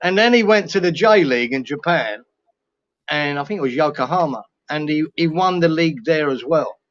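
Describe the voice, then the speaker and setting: A man's voice: on the high side, animated, moderate pace, fairly bright tone. A man on a casual fan chat show, explaining at length with eager restarts. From Australia. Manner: enthusiastic, rambling with restarts. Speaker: co-host. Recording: dull lo-fi remote line.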